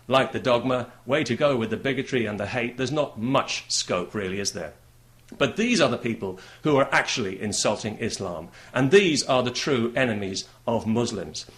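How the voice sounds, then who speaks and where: A man's voice: mid-range voice, a bit bright. A man with a British accent delivering a combative political monologue, sarcastic and mocking in tone. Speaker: political commentator. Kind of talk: monologue commentary to camera.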